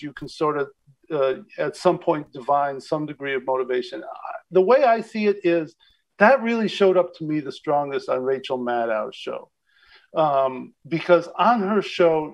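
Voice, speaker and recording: A man, a guest on an interview show, speaking thoughtfully, hedging often and restarting his sentences. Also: on the high side. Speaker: guest media critic. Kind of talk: conversational interview.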